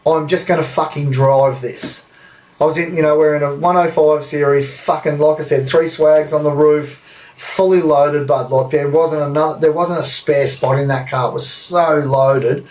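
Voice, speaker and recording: A man's voice: a little high, steady tone, moderate pace, a little mellow, far from the mic. A man in his thirties with an Australian accent, telling a rambling anecdote on a podcast and swearing freely. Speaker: podcast host. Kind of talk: casual storytelling.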